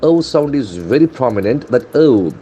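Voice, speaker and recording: Deliberate language teacher. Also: male voice, mid-range voice, lively intonation, warm tone, lo-fi sound, slight background noise. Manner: deliberate teacher, spells out and repeats words. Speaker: English language trainer. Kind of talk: newspaper-based English lesson.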